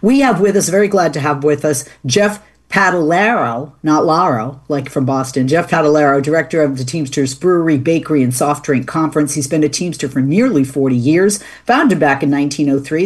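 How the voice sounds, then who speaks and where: A woman's voice: deep voice, slightly rough. A woman hosting a talk radio show, chatting with a guest in a loose way full of fillers and restarts. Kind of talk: casual talk show interview.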